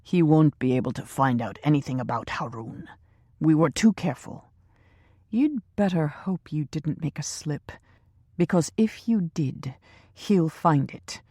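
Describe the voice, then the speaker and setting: A woman's voice: low-pitched, animated, unhurried, dry recording. Brief: a woman as an imperious, sarcastic villainess giving orders in a thriller audiobook, dry sound. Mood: harsh. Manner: sharp, sarcastic, commanding. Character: scheming ruthless woman boss, imperious and cruel. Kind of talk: audiobook character reading.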